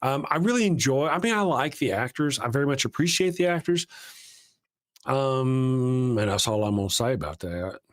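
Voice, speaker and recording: A man's voice: mid-range voice, sing-song, normal speed, dry recording. Rambling, casual man on a dry mic. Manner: rambling, self-interrupting, swears casually. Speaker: livestream host. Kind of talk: casual live-stream chat.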